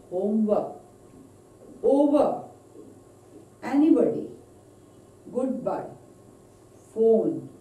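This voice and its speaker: Slow, dark-voiced woman teaching pronunciation. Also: fairly high pitch. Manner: slow, deliberate, drawn-out word drills. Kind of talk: recorded online lecture. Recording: echoey room, voice from far off mic.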